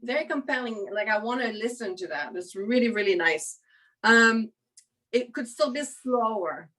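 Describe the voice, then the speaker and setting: A woman's voice: on the high side, lively intonation, normal speed, a bit bright, rough recording. A woman teaching viola in a master class, coaching a student with encouraging explanations full of "you know.".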